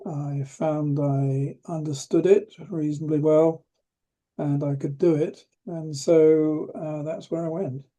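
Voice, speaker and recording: A man's voice: a little high, flat delivery, takes it slowly, mellow. An older man from England, telling a story as an interview guest, hesitant with many restarts and a dry humor. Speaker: interview guest, retired professor of rheumatology. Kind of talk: reflective storytelling.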